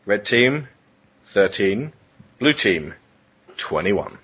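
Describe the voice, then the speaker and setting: Animated, husky male quiz host. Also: fairly low pitch, extremely slow. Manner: sweary, exasperated jokes. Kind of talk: casual quiz banter. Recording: muffled lo-fi recording.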